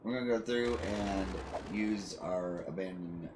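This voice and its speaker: A man with a fairly low voice talks through his city-building game on a relaxed stream, musing aloud and tossing questions to his chat. He sounds like he is at a home desk mic, with a faint hiss of background noise under his voice. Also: unhurried. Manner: relaxed, thinks aloud and asks chat for ideas. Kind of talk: casual gameplay commentary.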